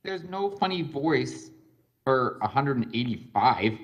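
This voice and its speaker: A man's voice: mid-range voice, lively intonation, slow pace, highs cut off. A man with a Canadian accent, a city councillor making playful, teasing remarks during a meeting.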